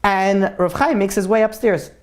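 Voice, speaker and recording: A woman telling a story in a casual, chatty way, often saying "like" and clearing her throat. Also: mid-range voice, normal speed.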